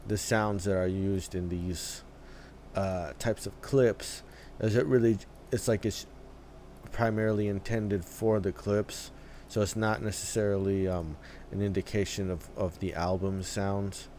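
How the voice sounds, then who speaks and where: A man hosting a reaction video, talking casually in halting phrases with many fillers and restarts, often tagging "right?" and "dude.". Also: on the low side, steady tone, warm tone, a little hiss or hum.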